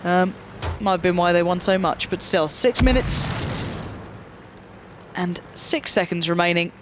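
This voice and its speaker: A man doing play-by-play commentary on an esports match, lively and quick to joke with his co-hosts. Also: high voice, background noise. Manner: lively, jokey banter. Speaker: esports caster.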